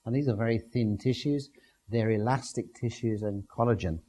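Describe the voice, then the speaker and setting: A man's voice: mid-range voice, normal speed, mellow, rough recording. A man giving a classroom lecture with slides, explaining step by step with everyday comparisons.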